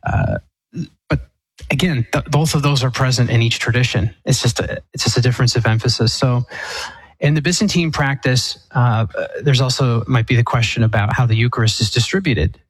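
Measured priest explaining, dry sound. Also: male voice, medium pitch, breathy edge, no room sound, rough recording. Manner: measured, explanatory, with frequent restarts and fillers. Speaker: Eastern Catholic priest. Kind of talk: call-in show answer.

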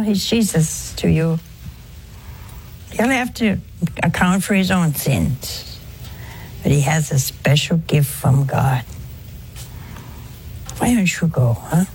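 Slow-spoken older woman preaching. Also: on the low side, darkish tone, slight background noise. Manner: slow, conversational preaching with rhetorical questions. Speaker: religious speaker. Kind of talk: sermon-like talk to an audience.

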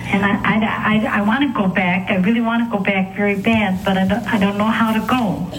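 A woman's voice: medium pitch, fairly even intonation, fairly quick, slight background noise. An older widowed woman calling in on a phone line, hesitant and stammering, close to tears. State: tearful, halting. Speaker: caller.

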